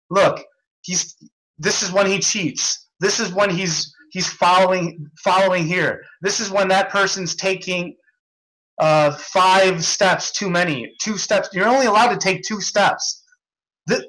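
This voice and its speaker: Young man, podcast host, casual rant. His voice sits on the high side with a sharp, forceful edge. He repeats himself and restarts sentences as he grows agitated. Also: low-quality recording. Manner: agitated, repetitive storytelling with many restarts.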